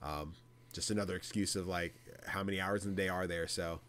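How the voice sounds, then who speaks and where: A man's voice: low-pitched, brisk, a little hiss or hum. A man co-hosting a gaming podcast, chatting casually and telling stories full of fillers and sound effects. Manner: animated storyteller, many fillers and sound effects. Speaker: podcast co-host. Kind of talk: casual chat.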